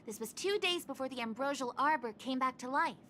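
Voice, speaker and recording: A woman voicing a bubbly, eager young woman who plays amateur detective in a game, with a bright, expressive, playful delivery. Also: high voice, fairly quick, a little hiss or hum. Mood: busy. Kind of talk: game voice acting. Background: game music.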